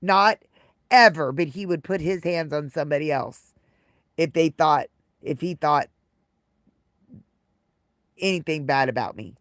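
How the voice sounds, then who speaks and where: A woman's voice: low voice, measured pace, pauses often, no room sound, clean studio sound. A woman live streamer telling casual stories to her viewers, rambling and repeating her phrases. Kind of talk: casual livestream storytelling.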